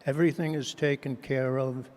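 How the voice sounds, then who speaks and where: An older man with laryngitis giving a halting, emotional acceptance speech at a banquet, hoarse and full of restarts. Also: mid-range voice, fairly even intonation, a little mellow. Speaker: hall of fame inductee giving acceptance speech. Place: banquet hall. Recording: reverberant hall, faint room noise.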